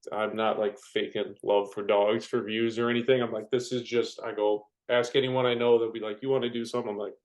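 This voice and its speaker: A young firefighter, guesting on a podcast, tells jokey stories in casual conversation and acts out quotes. His lowish voice shows little pitch movement and runs a little fast with hardly any pauses, on a low-quality recording.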